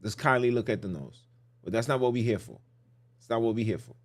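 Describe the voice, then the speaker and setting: A man's voice: mid-range voice, animated, quick pace. A man hosting a podcast, teaching scripture in a casual preaching style, repeating phrases and asking the listeners questions. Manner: repetitive, emphatic, rhetorical questions.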